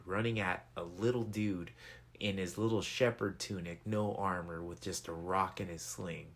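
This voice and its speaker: A man's voice: sits low, vocal fry, fairly bright tone. A man retelling a Bible story in a laid-back, slangy, casual way with lots of fillers.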